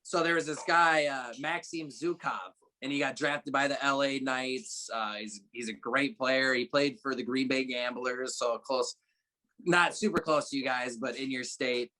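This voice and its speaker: A young man, a former college hockey player, telling stories in a relaxed podcast chat with many fillers and restarts. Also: mid-range voice, unhurried. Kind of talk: casual interview chat.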